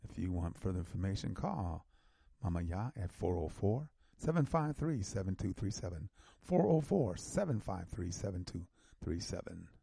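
A man hosting a community radio show, reading out local announcements and repeating phone numbers slowly with emphatic stresses. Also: deep voice, big pitch swings, creaky, warm tone, husky, no room sound.

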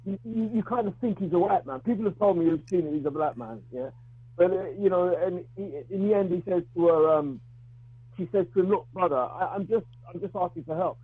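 Husky high-voiced man calling in by phone. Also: no echo. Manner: halting, repeats and restarts words; outspoken, argues his view. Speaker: radio call-in caller. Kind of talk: phone-in talk radio call. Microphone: telephone. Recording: tinny phone line.

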